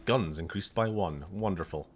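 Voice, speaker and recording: A man's voice: sits low, normal speed, a little hiss or hum. A young Scottish man chatting casually and jokily while streaming a game, swearing now and then.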